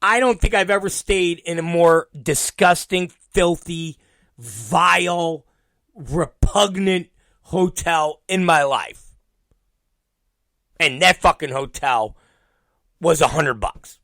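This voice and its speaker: Male host, fairly high voice, dry close sound; animated profane storyteller who plays every part himself. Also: slow, long pauses, no echo. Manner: profane, animated, acts out both sides of a dialogue. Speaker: podcast host. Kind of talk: storytelling monologue.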